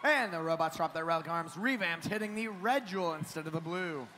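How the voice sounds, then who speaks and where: A man giving live play-by-play commentary on a robotics competition, getting louder and higher at the big moments. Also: fairly quick, faint music behind. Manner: excited play-by-play, climbs in pitch at big moments. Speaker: match commentator.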